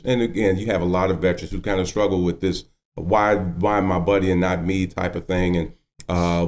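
A man in his fifties tells his story as a guest, his voice sitting low. He speaks earnestly, and feeling breaks through as he goes. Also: darkish tone. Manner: earnest, emotional. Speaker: guest, county judge. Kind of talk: personal storytelling.

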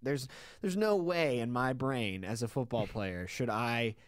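A man's voice: mid-range voice, a little slow, smooth, no room sound, studio quality. A man co-hosting a sports talk show, analytically breaking down plays in a casual conversational manner. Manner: analytical, talks through plays at length. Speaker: sports podcast co-host.

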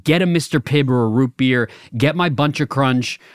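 A man's voice: mid-range voice, normal speed, smooth, dry recording, clean studio sound. A young man co-hosting a podcast, casually telling a long rambling story with many stammers and restarts. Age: young adult. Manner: rambling, stammers and restarts, laughs at own stories. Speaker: podcast co-host. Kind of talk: casual chat.

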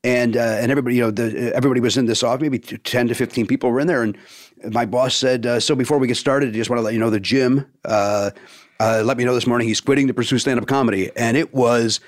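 A man's voice: medium pitch, fast. A man in his fifties, a stand-up comedian, casually telling a story and acting out the people in it. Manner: animated, acts out quoted dialogue.

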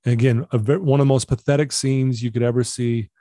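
A middle-aged man shares his story in a candid, earnest way, often circling back to the same phrases. His voice is mellow and warm, and the recording is dry and close. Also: mid-range voice, little pitch movement, fast, dry recording. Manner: earnest, candid, repeats himself for emphasis. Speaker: guest. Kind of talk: personal storytelling in conversation.

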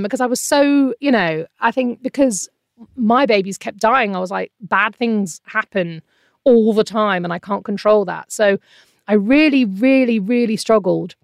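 A woman's voice: medium pitch, normal speed, dry recording, clean studio sound. A woman in her thirties, a guest telling a painful personal story in an earnest, emotional way. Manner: earnest, emotional, animated quoting of others.

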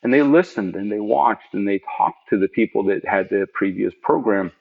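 A man, a program manager, telling an interviewer about his work in an earnest, emphatic way and jumping up in pitch to stress his points. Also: normal speed, creaky. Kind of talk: conversational storytelling in an interview. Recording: dull lo-fi audio.

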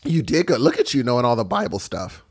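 Playful man with a lively pitch. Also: fast talker, husky. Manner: playful, amused, repeats phrases. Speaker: podcast co-host. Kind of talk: casual banter.

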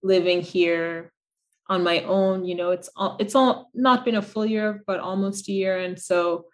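A woman's voice: medium pitch, fairly even intonation, measured pace. A woman guest on a podcast talking casually and reflectively, with many fillers and restarts. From United States. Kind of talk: casual interview chat.

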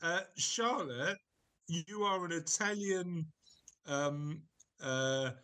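A man's voice: on the high side, drawn-out words, bright, forceful tone. A middle-aged man hosting a podcast in casual chat, teasing his guests and steering a game. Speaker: podcast host.

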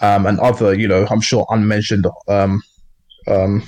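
A man's voice: lowish voice, little pitch movement, moderate pace, a little mellow. A man co-hosting a casual podcast discussion, talking in a rambling way with many fillers and restarts. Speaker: podcast co-host.

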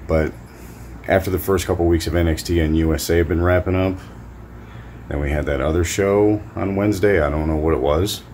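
A man's voice: sits low, fairly even intonation, a little fast, darkish tone, a little hiss or hum. A man leaving a chatty, rambling voice message with a question for a podcast. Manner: chatty, casual, a bit rambling. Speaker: caller. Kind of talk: recorded listener voice message.

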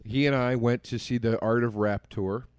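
A man's voice: mid-range voice, normal speed, clean tone, dry recording, studio quality. Man telling a story, laughing a lot. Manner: animated storyteller, quotes people in his own voice, laughs often. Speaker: podcast co-host telling a story. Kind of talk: casual chat, storytelling.

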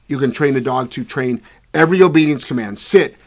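A man hosting a live dog training podcast, talking loudly and rambling in an excitable, casual way. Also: medium pitch, a little fast. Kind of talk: casual live show chat.

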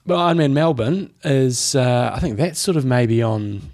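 A New Zealand man with a mid-pitched, ordinary male voice, giving news in a relaxed podcast chat. His delivery is dry and understated, with the odd blunt remark. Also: normal speed. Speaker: podcast co-host.

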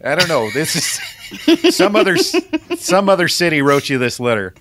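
A man's voice: on the high side, huge pitch swings, moderate pace, background noise. A man improvising a skeptical Chicago guy, needling and laughing. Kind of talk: improv comedy scene.

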